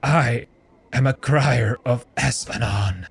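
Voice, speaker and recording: A grieving, dust-covered holy man with a parched, hoarse voice, read out by a man playing a game. He speaks slowly and solemnly, steeped in loss. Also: mid-range voice, exaggerated voice. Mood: mournful. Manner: solemn and mournful. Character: weeping dust-covered holy man mourning a lost city.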